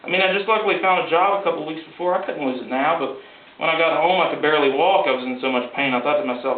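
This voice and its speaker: A man reading his own story aloud at a live event in a gallery, in a plain, wry, unhurried way. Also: fairly high pitch. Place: art gallery. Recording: echoey gallery from far off, tinny with hiss.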